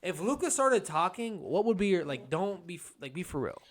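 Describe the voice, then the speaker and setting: A man's voice: sits high, big pitch swings, brisk, slight background noise. Rowdy, profane young male podcast host. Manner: rowdy, profane, rambling with repeated restarts. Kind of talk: casual chat.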